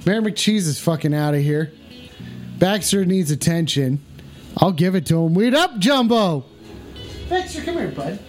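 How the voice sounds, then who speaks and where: A loud, foul-mouthed man hosting a livestream, his voice pitched high as he shouts catchphrases at the camera. Faint music plays behind him. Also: animated, unhurried. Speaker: livestream host. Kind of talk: rowdy livestream banter. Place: at home in front of cameras.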